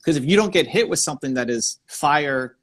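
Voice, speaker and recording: A man hosting a live stream, giving energetic advice and thinking out loud in quick bursts. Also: on the high side. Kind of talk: excited live-stream coaching chat.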